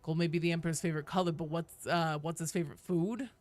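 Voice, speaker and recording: A woman in her thirties streaming a game, chatting casually with viewers, joking and sometimes bursting into loud swearing. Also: low-pitched, steady tone, fast talker, dry recording. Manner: chatty and jokey, breaks into loud swearing outbursts. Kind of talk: casual live-stream chat answering viewers.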